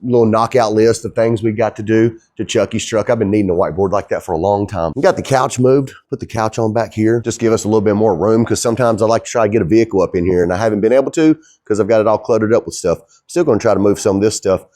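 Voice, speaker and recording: A man's voice: fairly low pitch, quick pace, few pauses, dark tone, no room sound, clean studio sound. A middle-aged man, the owner of a fabrication shop, talking casually in a rambling, folksy way as he works. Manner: easygoing, rambling, folksy talk.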